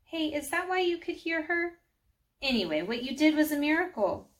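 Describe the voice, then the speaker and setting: A woman's voice: high-pitched, big pitch swings, normal speed, voice pushed up. A woman voicing a young schoolgirl who prays in an earnest, hesitant way, in a storybook reading.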